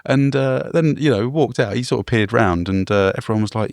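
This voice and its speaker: Gravelly-voiced animated male co-host. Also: medium pitch, brisk, few pauses, no room sound, studio quality. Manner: animated storytelling, laughs often. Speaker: podcast co-host. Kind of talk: casual chat.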